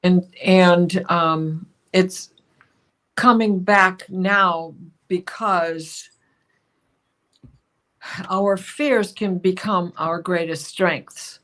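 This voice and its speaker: A woman guest giving intuitive readings about past lives in a measured, deliberate manner. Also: lowish voice, fairly even intonation, a bit bright. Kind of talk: spiritual advice in a live chat.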